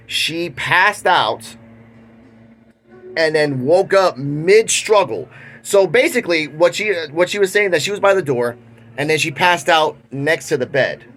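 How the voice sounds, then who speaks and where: A man's voice: fairly high pitch, a bit bright. A young man hosting an online commentary show, casually retelling a news story with frequent restarts. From Puerto Rico. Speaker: commentary channel host.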